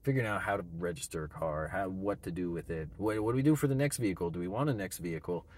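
A man's voice: sits low, fast talker, a little mellow, slight background noise. A man in his thirties, a vlogger giving himself a reflective, reassuring pep talk, chuckling often. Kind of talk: personal self-pep talk.

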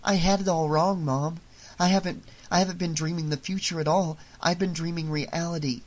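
A woman's voice: lowish voice, fairly even intonation, moderate pace, close to an everyday voice. A narrator voicing a defiant, frightened teenage girl in an audiobook, speaking urgently and accusingly. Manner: urgent, accusing, shouting at times. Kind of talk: audiobook character reading.

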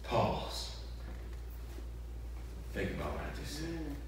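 A man preaching a sermon as pastor, moving from conversational talk to passionate shouting and asking the congregation questions. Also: medium pitch, slow, noisy background. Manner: animated, rhetorical questions to congregation. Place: church sanctuary. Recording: echoey church hall from far off.

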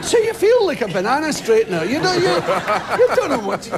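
Animated, high-pitched man telling stories. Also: brisk, over a noisy crowd. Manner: lively, swings into loud shouted impressions of people. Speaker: comedian interviewee. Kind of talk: animated storytelling in a TV interview. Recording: TV studio with audience and some noise. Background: audience laughter.

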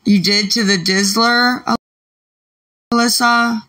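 A woman's voice: fairly high pitch, fairly even intonation, slow pace, bright, forceful tone, far from the mic. A woman livestreaming late at night, irritated and swearing as she argues back at her chat.

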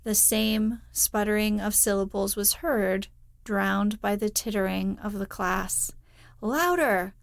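Woman, sleep story reader, very slow, soft and hushed, dry close-mic sound. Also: medium pitch, flat delivery, vocal fry, no echo. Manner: soft, hushed, drifting into whispers.

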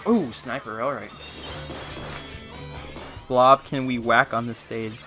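Music plays behind a man streaming a game, who keeps up playful, goofy commentary in a medium-pitched, steady voice. He speaks slowly, though he breaks into hyped exclamations during this casual livestream.

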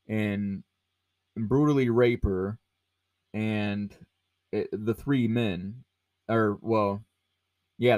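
A man's voice: fairly low pitch, darkish tone, no room sound. A man hosting a podcast, talking about a film casually with lots of fillers and restarts. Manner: rambling, many fillers and restarts. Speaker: podcast host.

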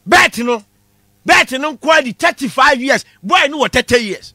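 A man with a Ghanaian accent giving a comic lecture in a lively way, shouting out his punchlines. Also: very high voice, normal speed, no echo, clean studio sound. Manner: animated, shouting punchlines, mixing Twi with English. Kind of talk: comedy class monologue.

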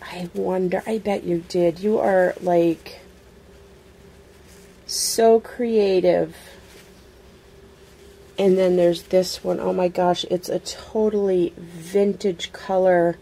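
A woman vlogger unboxing a craft swap package in casual chat, gushing over each item with excited exclamations. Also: lowish voice, takes it slowly, gravelly, long pauses.

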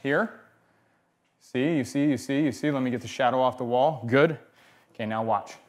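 A man's voice: mid-range voice, moderate pace. A man teaching bonsai display as he works, talking casually and repeating phrases, often checking in with "okay?" and "right?". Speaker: bonsai instructor. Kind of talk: hands-on demonstration talk.

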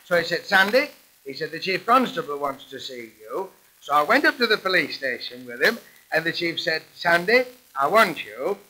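A male comedian doing 1920s music-hall patter as a bumbling policeman. His voice is high, very bright and lively, bouncing up and down. He drives quickly toward each punchline.

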